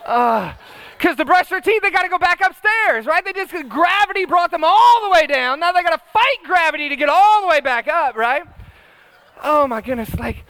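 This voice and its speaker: A man's voice: very high voice, animated, a little fast, pushed and bright, no echo. A middle-aged man preaching a sermon, chatty and humorous, often checking in with the congregation. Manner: conversational, tag questions, humorous asides. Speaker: pastor.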